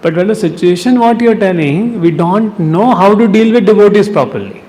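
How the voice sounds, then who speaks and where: Teasing Indian English lecturer, higher voice. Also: male voice, fairly quick. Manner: lively, teasing, rhetorical questions, chuckles. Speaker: teacher of a devotional youth class. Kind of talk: devotional class lecture. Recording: long hall reverb, faint noise.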